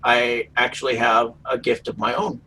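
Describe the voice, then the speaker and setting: A man's voice: medium pitch, flat delivery, normal speed, sharp tone, poor audio. A man playing a tabletop role-playing game, reacting casually and with playful swearing. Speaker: player.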